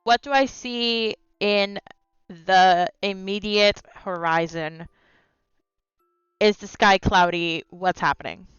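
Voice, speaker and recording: A woman's voice: mid-range voice, fairly even intonation, slow pace, fairly bright tone, smooth, no room sound, highs cut off, soft background music. A woman player in a tabletop game, describing her character's actions. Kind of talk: tabletop role-play.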